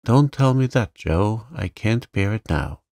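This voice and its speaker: A man's voice: lowish voice, lively intonation, normal speed, gravelly, darkish tone, no room sound, clean studio sound. A man reading the part of a passionate, lovelorn young man in an audiobook, heated and desperate. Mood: fierce.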